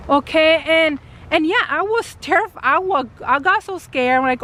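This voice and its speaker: A high-pitched woman chats to camera in a loose, animated storytelling style, full of fillers, slipping into the voices of the people she quotes. Faint outdoor traffic hums behind her. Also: moderate pace. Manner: animated retelling, acting out quoted dialogue, many fillers. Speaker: spiritual vlogger.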